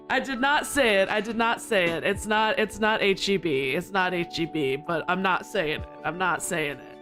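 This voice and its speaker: Woman streamer, casual rambling chat, giggly, mid-pitched with squeaky outbursts. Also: a bit bright. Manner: giggly, rambling, with frequent laughter; squeaky high protests when flustered.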